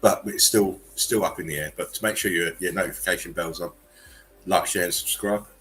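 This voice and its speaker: A man's voice: sits low, fairly even intonation, brisk, fairly bright tone, low-quality recording. A man hosting a casual livestream chat, laughing often, coughing and cracking crude jokes. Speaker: livestream host.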